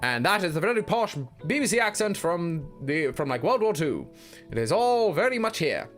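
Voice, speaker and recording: A man voicing a posh male wartime radio announcer in crisp British RP. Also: high-pitched, very animated, moderate pace, a bit bright, soft background music, voice pushed up. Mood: solemn. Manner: crisp, very clear enunciation.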